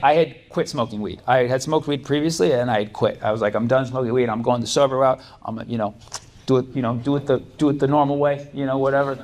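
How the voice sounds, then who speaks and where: A man's voice: mid-range voice, fast talker, darkish tone. A young man doing stand-up comedy at a club, talking in a loose, rambling way full of "like" and "you know". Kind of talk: stand-up comedy with crowd work. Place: comedy club stage before a live audience. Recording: live club recording with crowd noise.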